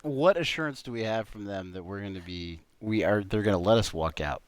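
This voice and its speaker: A man's voice: fairly low pitch, brisk, slight background noise. A man playing a tabletop game, talking casually with hesitant fillers. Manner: casual, hesitant, laughs often. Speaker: player. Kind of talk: tabletop role-play chat.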